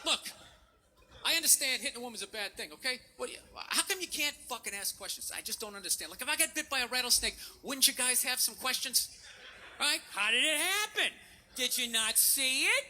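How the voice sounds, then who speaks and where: A man doing stand-up comedy on stage, ranting in an exasperated way and yelling back at the crowd. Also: very high-pitched, lively intonation, fairly quick, slight background noise. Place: stage of a live comedy special.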